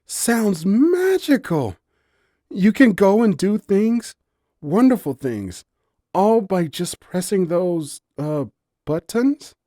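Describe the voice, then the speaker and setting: Guy doing a high eager fawn girl from the forest, storybook spirit, warm tone, super lively. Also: a little slow, dry recording, clean studio sound, exaggerated voice. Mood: awestruck. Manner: high, eager and wide-eyed. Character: curious, bubbly young female forest fawn spirit.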